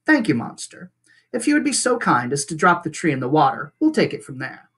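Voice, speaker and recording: Bossy beaver mom, brisk and scolding, kinda husky, teacher doing it. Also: mid-range voice, big pitch swings, a bit bright. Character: practical bossy female beaver.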